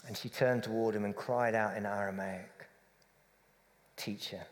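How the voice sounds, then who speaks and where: A man preaching a reflective, conversational sermon that softens to a gentle hush. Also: lowish voice, fairly even intonation, moderate pace, big-room sound.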